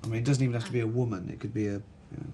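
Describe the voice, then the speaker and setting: A man's voice: medium pitch, fairly even intonation, mellow, slight background noise, lightly acted. A man playing a pompous, rambling office boss. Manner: rambling, halting, self-congratulatory. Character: pompous self-important male office boss. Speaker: office manager.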